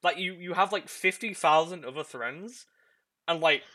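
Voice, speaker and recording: A young man co-hosting a casual podcast chat, hesitant and halting at first, then blunt. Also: a little high, crowd noise. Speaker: podcast co-host.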